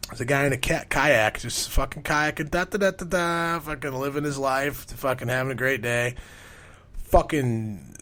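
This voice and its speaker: A man hosting a casual podcast, rambling through a story with curses in nearly every line. His voice sits at an ordinary middle pitch for a man. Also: a bit bright. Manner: profane, rambling, swears constantly. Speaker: podcast host.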